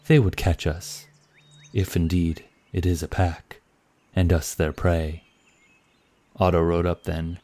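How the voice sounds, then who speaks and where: A man narrating a fantasy story in a measured, scripted way. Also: sits low, little pitch movement, warm tone.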